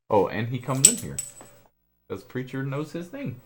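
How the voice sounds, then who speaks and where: A man streaming a retro game, joking casually and reacting out loud over loud game music. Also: mid-range voice, wildly swooping pitch, moderate pace, background noise. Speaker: let's play streamer. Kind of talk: casual gameplay commentary.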